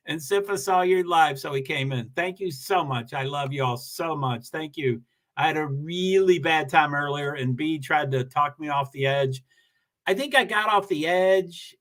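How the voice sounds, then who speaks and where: A man's voice: fairly high pitch, sharp tone. A man hosting a casual livestream from home, chatting alone and reading viewer comments aloud in a rambling, self-deprecating way.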